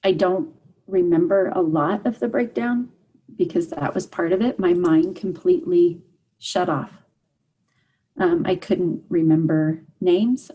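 A woman telling her personal story as an interview guest, earnest and halting, with many fillers and restarts. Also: fairly low pitch, dark tone, husky, low-quality recording. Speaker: guest, parent.

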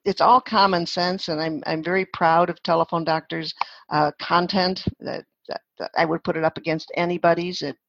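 Older female guest, husky, lively storyteller; muffled lo-fi audio. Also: fairly low pitch, moderate pace, no echo. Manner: chatty, laughing, acts out quoted voices. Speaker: guest, phone-skills trainer. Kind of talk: podcast interview storytelling.

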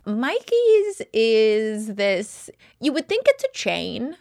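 A young adult woman co-hosting a casual podcast, chatty and animated as she tells stories. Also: on the high side, slow, creaky. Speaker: podcast co-host. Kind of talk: casual chat.

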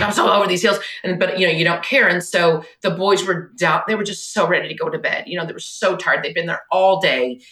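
A woman in her forties telling a painful family story on a podcast, animated and at times tearful. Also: fairly low pitch. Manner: animated, tearful retelling, quotes others in her own voice. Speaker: podcast guest. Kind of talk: emotional personal storytelling. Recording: echoey room.

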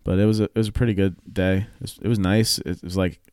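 A man's voice: sits low, flat delivery, fast talker, a little mellow, smooth, no room sound, clean studio sound. A man co-hosting a casual podcast chat, telling stories with lots of swearing and laughter. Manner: profane, storytelling, laughs often. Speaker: podcast co-host.

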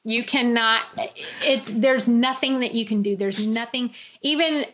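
A middle-aged woman with a fairly high voice tells her own story in conversation. She is earnest and candid, and she acts out what other people said in lively voices. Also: unhurried. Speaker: guest sharing her testimony. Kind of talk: personal testimony in conversation.

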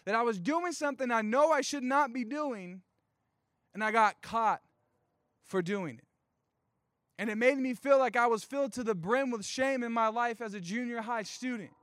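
A young man preaching a casual sermon, telling a childhood story in an animated, chatty way with lots of fillers. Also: high-pitched, clear, resonant tone, no echo, studio quality. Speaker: youth pastor. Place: outdoor evening gathering.

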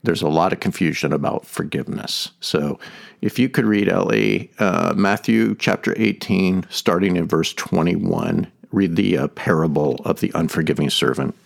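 A man's voice: low-pitched, normal speed, vocal fry. A man hosting a podcast, giving an earnest teaching talk and restating his main point several times. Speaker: podcast host. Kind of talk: teaching talk on a faith topic.

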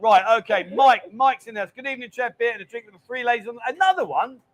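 A man from England hosting a casual live stream, jokey and teasing, talking loudly. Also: very high-pitched, lively intonation, fast. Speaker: livestream host.

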